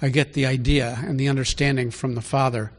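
A man preaching a conversational Bible teaching, asking rhetorical questions and rising in pitch to stress his points. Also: level tone, fairly quick. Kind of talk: sermon teaching.

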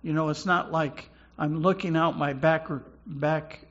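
A man preaching a sermon slowly and haltingly, often repeating words as he goes. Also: on the high side, steady tone, a bit bright, highs cut off. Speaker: pastor.

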